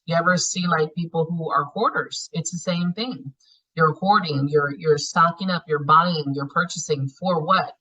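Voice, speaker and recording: A woman runs a spiritual healing class as casual teaching talk, speaking frankly, swearing offhandedly, and acting out people's inner thoughts. Her low voice has a bright, forceful tone with slight roughness, delivered at a moderate pace. The class recording is muffled and lo-fi.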